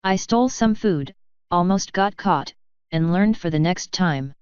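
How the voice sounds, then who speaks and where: A woman's voice: lowish voice, expressive, unhurried, a little mellow, smooth, no room sound. A woman voicing a young male pony, an orphan thief who brushes off sympathy, in a guarded, matter-of-fact way; dull lo-fi recording. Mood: dismissive.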